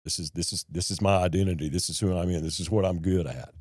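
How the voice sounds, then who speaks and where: A middle-aged man talks in a deep, mellow voice. He tells his story in a folksy, animated way and acts out the people in it. The sound is dry and close. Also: quick pace, slightly rough, no echo. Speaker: podcast guest telling his recovery story. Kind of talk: casual storytelling conversation.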